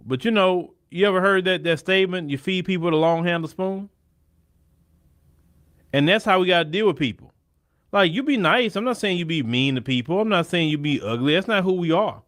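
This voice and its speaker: A man's voice: fairly high pitch, fairly bright tone. A man hosting a show of casual political commentary, blunt and opinionated, often restarting his sentences. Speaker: host.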